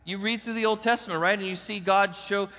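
A male pastor preaches in a bright, forceful voice that sits somewhat high. He coaxes his congregation with rhetorical questions. His voice rings out in a church hall with a long reverb. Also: steady tone, a little fast. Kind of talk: sermon.

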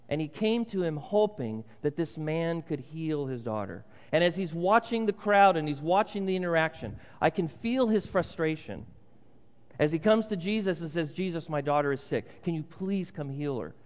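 An earnest pastor delivers a sermon in a slightly high voice, swinging between urgent pleas and hushed, slow emphasis. His voice rings with long reverb through a church sanctuary. The sound is dull and lo-fi. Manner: earnest, dramatic, drops to a hush for emphasis.

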